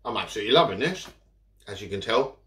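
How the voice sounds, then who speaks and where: A man's voice: lowish voice, expressive, fast, fairly bright tone. A man chatting casually while eating in a food vlog, rambling with his mouth full. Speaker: food vlogger. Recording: echoey room. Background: cutlery and dishes.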